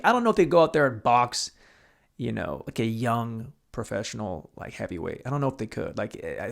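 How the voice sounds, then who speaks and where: A young man talks alone into his podcast mic at home, drifting from topic to topic with crude, swear-laden jokes. He mocks himself as he goes, and his voice sits at an ordinary middle pitch. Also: gravelly. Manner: crude, rambling, self-mocking, swears freely. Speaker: podcast host. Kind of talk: solo podcast rant. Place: home studio room.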